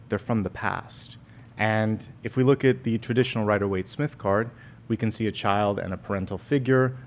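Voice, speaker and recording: A man with a fairly low voice talks through a tarot spread for his viewers. He is earnest and gently encouraging, and he pauses and fills gaps as he thinks aloud. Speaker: tarot reader and medium. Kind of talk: monthly tarot forecast.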